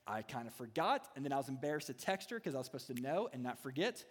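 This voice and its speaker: This student ministry pastor's voice is husky and medium in pitch, moving quickly with a sing-song lilt as he preaches. He sprinkles his sermon with playful humor, and the church hall gives the recording a reverberant sound.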